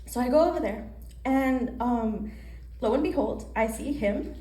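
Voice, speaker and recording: Young woman, high voice, stand-up comedian, chatty, self-mocking, echoey room. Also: unhurried, mellow. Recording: echoey room with faint ambient noise.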